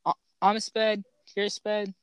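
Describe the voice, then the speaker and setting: A man's voice: sits high, completely flat delivery, normal speed, a bit bright, clear, resonant tone, dry recording. A young man who stutters, hosting a casual chat and telling profane, laughing stories full of fillers. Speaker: podcast host.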